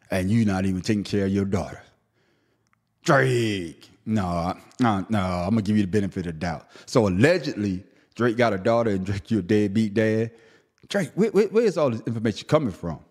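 A male podcast host riffing on his own in animated commentary. His voice swings widely, dropping to a low grumble and then climbing high, and he trips over repeated words.

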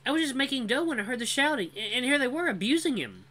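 A clever young female wolf from a fantasy audio story, with a high, bright voice, played by the reader. She sounds sharp and sassy, quick to answer back. The reading is lively and expressive. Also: exaggerated voice.

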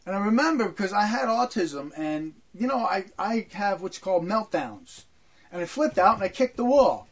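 An older man recounts memories in a loose, rambling storytelling style. His voice sits noticeably high for a man. He circles back and repeats himself, tossing in asides as he goes. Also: lively intonation, normal speed, slightly rough. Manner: rambling, repetitive, frequent asides. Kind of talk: personal storytelling.

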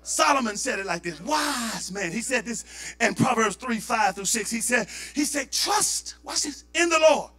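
A man preaching a fervent Pentecostal sermon, rising into shouted, impassioned delivery. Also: very high voice, animated, a little slow. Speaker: pastor. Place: church sanctuary.

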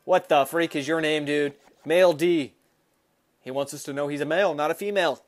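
A man giving excited, fast commentary while playing a mobile game, reacting loudly to every move. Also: a little high. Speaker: gaming YouTuber. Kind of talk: excited live gameplay commentary.

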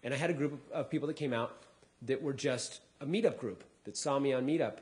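A man's voice: mid-range voice, fast, darkish tone. A middle-aged comedian giving a talk, telling stories and acting out the voices of people he quotes, often repeating words as he restarts. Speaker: comedian speaking to a society. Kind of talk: storytelling talk with acted quotes.

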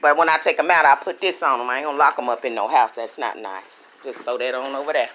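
A woman's voice: extremely low pitch, fast, a bit bright. A middle-aged woman, chatting casually to her viewers at home. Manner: chatty, talks to viewers as y'all. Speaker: vlogger. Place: living room at home.

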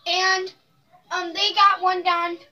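A woman's voice: very high-pitched, level tone, slow, bright, forceful tone, lo-fi sound. A young girl speaking casually with a numb mouth after a dental visit, her words a little slurred. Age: child. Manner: slightly slurred speech. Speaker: vlogger. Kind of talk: casual chat.

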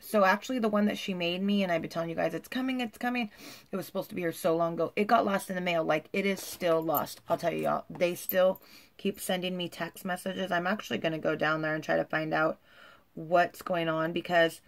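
A woman's voice: fairly low pitch, steady tone, brisk, gravelly. A woman vlogging at home in a chatty, gushing way, full of "like" and "you guys". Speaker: lifestyle vlogger. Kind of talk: casual chat to camera.

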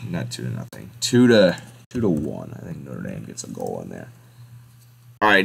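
Young male sports host, low-pitched, casual and hesitant, thinking aloud with slang. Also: a bit bright.

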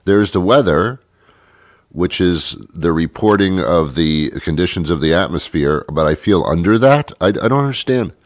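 A man's voice: low-pitched, lively intonation, normal speed, no echo, studio quality. A man hosting a radio show, talking in a rambling, jokey monologue while congested with a cold.

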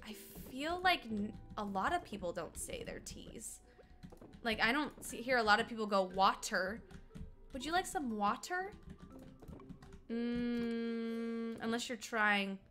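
A woman's voice: a little high, bright, forceful tone. A young woman from Colorado chatting casually with her stream chat while gaming, giggly and talkative. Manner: chatty and giggly, slips into mock accents. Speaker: livestreamer.

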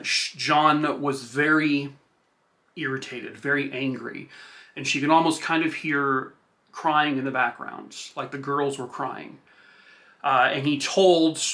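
Bright-voiced man narrating a true crime case. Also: fairly high pitch. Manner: loose, filler-heavy retelling with "like" and "I guess". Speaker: true crime podcast host.

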